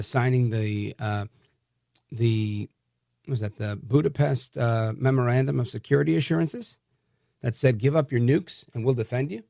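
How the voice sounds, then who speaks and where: Gravelly, combative male talk radio host. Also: medium pitch, dry recording, studio quality. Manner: animated and combative, many restarts. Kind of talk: opinionated talk radio commentary.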